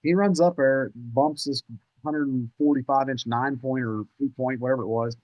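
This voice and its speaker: A man guesting on a podcast, telling hunting stories in an animated, excitable way with casual cursing. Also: mid-range voice, moderate pace, no echo, dull audio. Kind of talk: casual storytelling chat.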